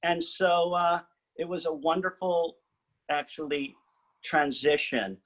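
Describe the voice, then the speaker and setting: A man telling his own story casually to an audience, animated and joking at his own expense. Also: a little high, slow, poor audio. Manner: animated, joking, self-mocking. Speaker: singer-songwriter and cancer survivor speaker.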